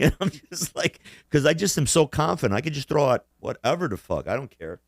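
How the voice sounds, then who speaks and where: A man's voice: mid-range voice, expressive, brisk, no echo, studio quality. A man co-hosting a casual podcast chat, profane and boastful, laughing often at his own stories. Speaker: podcast co-host.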